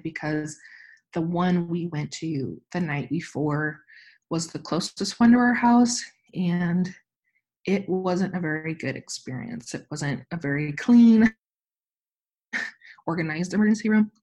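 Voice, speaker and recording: A woman's voice: low-pitched, breathy edge. A young adult woman, a podcast guest, candidly recounting a personal experience in a rambling way with frequent fillers. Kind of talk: personal storytelling.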